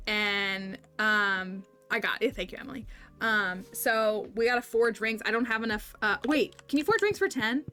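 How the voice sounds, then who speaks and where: A woman with a medium-pitched, pushed and bright voice streams a video game, chatting casually with viewers. In this casual gameplay livestream chat, she interrupts herself and explains the game's mechanics.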